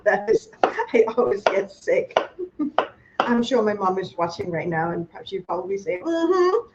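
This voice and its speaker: A woman's voice: mid-range voice, darkish tone, muffled recording, slight background noise. A woman from Thailand with a Thai accent, hosting a live online cooking class, chatty and playful, asking viewers questions as she works.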